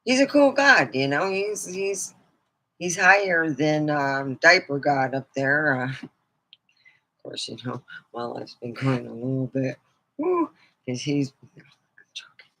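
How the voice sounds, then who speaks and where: A middle-aged woman chatting casually on her vlog. She rambles and jokes at an unhurried pace, and her voice has a bright, forward edge. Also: low voice, lively intonation. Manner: rambling, jokey, laughs often. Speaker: vlogger.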